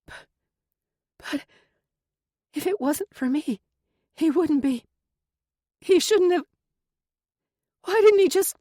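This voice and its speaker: A woman's voice: very high voice, expressive, extremely slow, long pauses, bright, forceful tone, no echo, studio quality, voice pushed up, exaggerated voice. A woman voicing a distraught young woman. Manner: pleading, breaking up.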